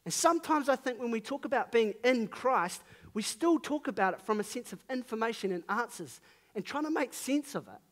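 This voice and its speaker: A man's voice: extremely high pitch, animated, a little fast. A man in his thirties with a New Zealand accent, preaching a sermon in an earnest, conversational way with emphatic rises on key phrases.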